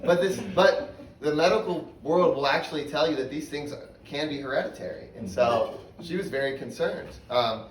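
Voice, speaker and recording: A young man gives a personal testimony, candid and storytelling, often sinking to a hushed voice for the hard parts. He sounds set back from the mic in a reverberant space. A faint ambience sits underneath. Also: a little high, moderate pace, a little hiss or hum. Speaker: speaker giving a testimony. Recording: roomy, from a distance, faint ambience.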